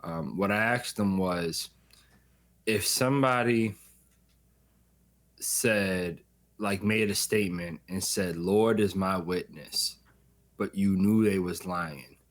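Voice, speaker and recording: Podcast guy, kinda low voice, jokey and emphatic, swears a bunch. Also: slow, long pauses. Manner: joking, emphatic, swears freely. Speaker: podcast co-host. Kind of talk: casual chat.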